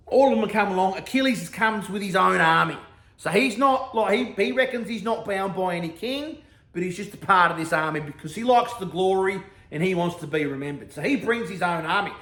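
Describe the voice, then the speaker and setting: A man's voice: high-pitched, fairly bright tone, echoey room. A man with an Australian accent telling an old story in crude slang, swearing and checking in with his listener.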